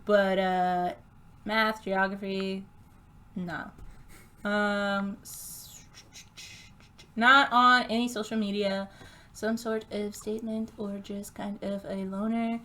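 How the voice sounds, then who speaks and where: Giggly woman reading game text slowly. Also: medium pitch, little pitch movement, pushed and bright. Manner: giggly, reads slowly and stumbles on names. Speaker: game streamer. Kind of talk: reading game text aloud with casual commentary.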